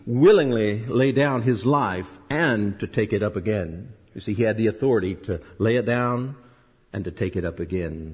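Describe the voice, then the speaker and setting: A man preaching a sermon, emphatic, rising loud and high then dropping low and soft, asking rhetorical questions. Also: slightly rough. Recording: long reverb of a hall.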